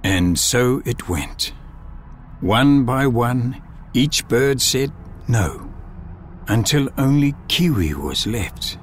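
Man narrating a storybook, very unhurried, faint hiss behind. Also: mid-range voice, expressive. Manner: gentle, measured, dropping to a whisper at tender moments. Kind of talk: storybook reading.

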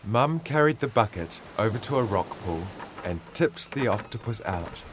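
A man's voice: on the low side, background noise. A man reading a children's story aloud as narrator. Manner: slow, animated storytelling.

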